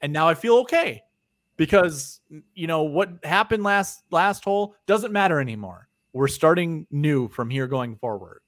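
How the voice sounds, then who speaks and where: A man co-hosting a podcast, telling a story in casual chat, animated and swearing freely, often trailing off quietly at the ends of phrases. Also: fairly high pitch, normal speed, no room sound, clean studio sound. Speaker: podcast co-host.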